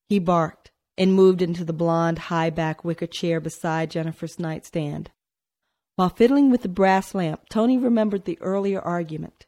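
Low-voiced woman reading a story. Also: moderate pace, dark tone. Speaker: audiobook narrator. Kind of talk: scripted narration.

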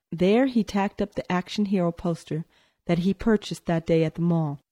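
A woman narrating a novel in a measured storytelling manner. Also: on the low side, warm tone. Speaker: audiobook narrator. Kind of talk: scripted narration.

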